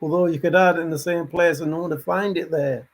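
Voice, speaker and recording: A man's voice: on the high side, steady tone, brisk. A man hosting a livestream, thinking aloud in a rambling way and answering chat comments as they come in. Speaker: livestream host.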